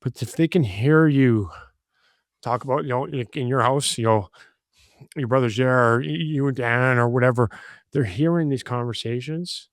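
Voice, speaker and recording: A man's voice: medium pitch, normal speed, no echo, clean studio sound. A middle-aged father talking as a guest, rambling earnestly with many restarts. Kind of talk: casual conversation.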